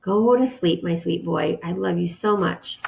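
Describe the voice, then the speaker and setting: A woman voicing a tired, loving mother who speaks in a hushed, soothing way at bedtime. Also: fairly low pitch, measured pace, vocal fry, slight background noise.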